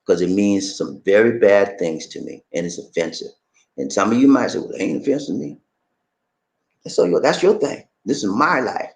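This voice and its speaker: A middle-aged man talks in an emphatic, preachy, conversational way. His voice sits fairly low. The room around him is echoey. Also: very animated, moderate pace. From American South. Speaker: commentator. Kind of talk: impassioned personal commentary.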